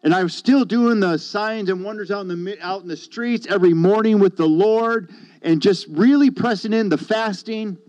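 Mellow-voiced man telling a sermon testimony. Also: high-pitched, normal speed, no echo, muffled recording. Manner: storytelling, conversational, quotes others. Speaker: pastor.

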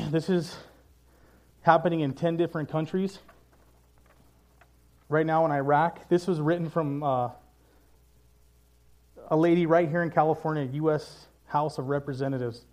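Earnest male preacher, casual delivery, warm slightly high voice. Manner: casual and earnest, says "man" often. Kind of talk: sermon.

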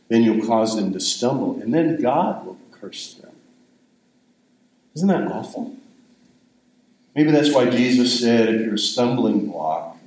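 Older man, pastor, sermon, somewhat low voice, rambling storyteller, roomy echo. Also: darkish tone, a little hiss or hum. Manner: conversational, rambling storytelling with restarts.

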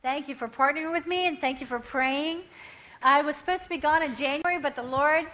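Bright, high-voiced woman around fifty. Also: fairly quick. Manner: lively storytelling, acting out dialogue. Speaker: missionary speaker. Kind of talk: church testimony.

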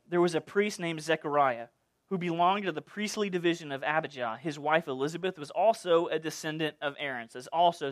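Playful high-voiced male preacher. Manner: playful, animated, chatty asides. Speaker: pastor. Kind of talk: sermon.

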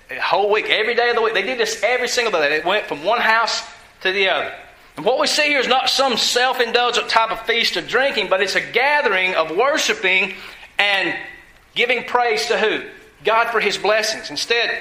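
A man delivers a teaching sermon in a high, bright, forceful voice. He keeps asking the congregation questions and then answers them himself. His voice rings through an echoey church room. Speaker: pastor.

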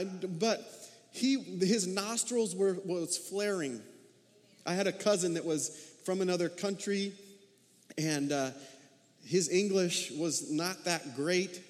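Unhurried and conversational, a pastor with a fairly high voice delivers his sermon, repeatedly putting rhetorical questions to the congregation. His voice rings with a long reverb, like in a big hall.

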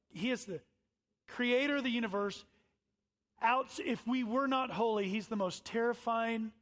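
Middle-aged male pastor, high voice, sermon delivery, dynamic swings from loud to hushed. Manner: swings from loud emphatic lines to quiet near-whispers.

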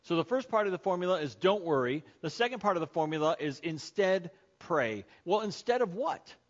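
A man preaching a sermon as pastor, emphatic, repeating key phrases and slowing down to stress them. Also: high voice, expressive, muffled recording.

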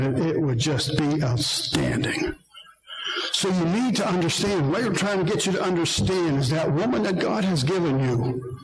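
A man's voice: fairly high pitch, reverberant, poor audio. An older man preaching to men in an earnest, conversational way, telling self-deprecating stories from his own life. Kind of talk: sermon to men.

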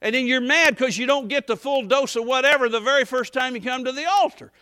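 A man preaching a folksy, rambling sermon as pastor, dropping to soft asides and rising to shouts. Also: very high-pitched, brisk, no room sound, clean studio sound.

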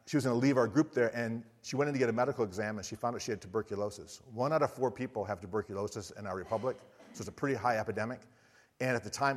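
A man, a missionary preacher, telling a personal story in an earnest sermon with frequent restarts. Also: medium pitch. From United States. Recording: long reverb of a large hall.

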